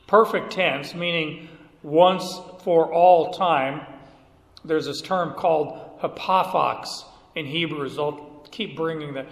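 Middle-aged male pastor, high voice, slow unhurried sermon, emphatic storytelling, echoey church hall. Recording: echoey hall, roomy reverb.

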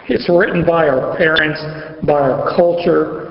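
A high-voiced man teaches through scripture in a loose, conversational sermon, pausing to rephrase each verse with emphasis. The sound is dull and lo-fi, and a long reverb rings around him as if he stands in a large hall. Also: creaky. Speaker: Bible teacher.

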